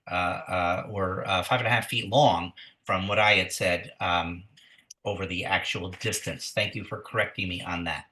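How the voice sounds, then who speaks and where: A man's voice: lowish voice, bright, forceful tone. A man educator hosting a webinar, telling a joke in a folksy, rambling way with restarts. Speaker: museum educator. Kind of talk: webinar presentation. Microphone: webinar computer mic. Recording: echoey room.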